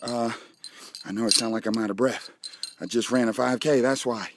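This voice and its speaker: In a joking promotional video for kids, a middle-aged man from a school plugs a fun run, talking straight to children outdoors on chilly school grounds. His medium-pitched voice is steady and playful at normal speed, with slight background noise.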